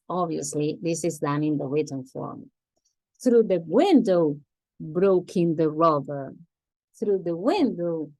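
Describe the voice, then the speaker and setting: Woman, English teacher, unhurried, dry close sound, patient repetition. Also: fairly low pitch, darkish tone, dry recording. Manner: patient, repeats examples slowly, checks with "Yes?". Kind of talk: grammar lesson.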